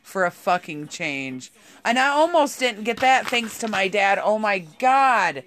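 A woman's voice: mid-range voice, lively intonation, measured pace, fairly bright tone. A woman, telling a rambling story in casual chat, swearing constantly and laughing often. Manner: profane, rambling, laughs a lot.

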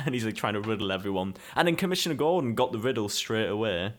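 A man's voice: lowish voice, expressive, fast. A man chatting casually about a TV show, rambling and repeating words as he goes. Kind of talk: casual chat reviewing a TV show.

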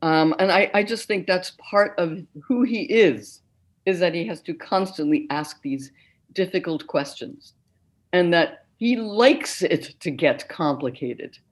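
Articulate older woman, clear and deliberate. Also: lowish voice, lively intonation. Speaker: concert narrator, guest. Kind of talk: interview conversation.

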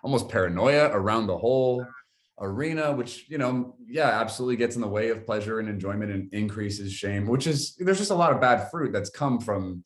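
Curious low-voiced male podcast host. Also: a little fast. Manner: curious, probing, many "like" fillers. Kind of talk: casual interview chat.

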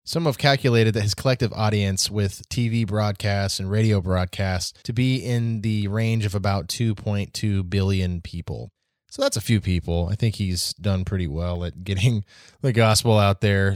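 A man's voice: fairly low pitch, normal speed, no echo, clean studio sound. Earnest man hosting a devotional podcast. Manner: earnest, encouraging. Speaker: podcast host.

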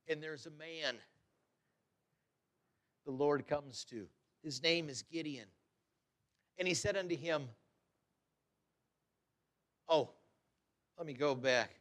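A middle-aged man preaching a sermon, fervent, swinging between loud exhortation and quiet asides. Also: fairly high pitch, slow pace, pauses often.

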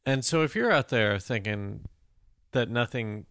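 A man in his forties chats loosely as a podcast host, joking and rambling along with an easy, gravelly rasp. His voice sits at a middle pitch. The sound is close and completely dry. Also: expressive, unhurried, a bit bright, dry recording. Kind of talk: casual podcast chat.

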